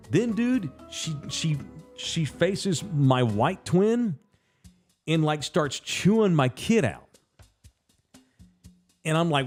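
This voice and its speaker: A fairly high-voiced man tells a story with big swings in pitch, acting out the lines of the people in it. His delivery is profane and emphatic, with faint music underneath. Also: lively intonation, moderate pace, darkish tone. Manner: acts out other people's lines in a shifting voice. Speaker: podcast host. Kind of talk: animated storytelling.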